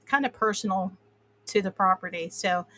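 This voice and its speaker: A woman from the Appalachian Mountains in the USA chats casually with an Appalachian twang, rambling, leaning on fillers and laughing often. Her mid-range voice moves at a normal speed and sounds pushed and bright.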